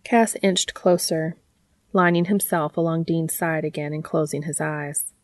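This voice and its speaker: A woman with a fairly low voice reads a story aloud in an even, measured way. She sounds intimate and close, and the recording is dry with no room sound. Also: no echo. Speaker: narrator. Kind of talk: reading fan fiction aloud.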